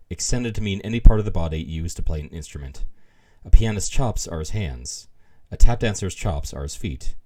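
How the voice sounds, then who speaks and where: A man's voice: deep voice, warm tone. A man reading glossary entries aloud on a live stream, adding wry, amused asides.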